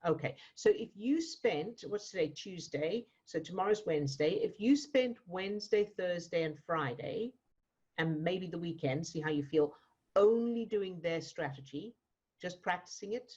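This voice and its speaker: Low, husky woman coaching gently. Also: lively intonation, moderate pace, highs cut off. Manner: gentle, reassuring, guiding with questions. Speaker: emotional fitness coach. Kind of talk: one-to-one coaching session.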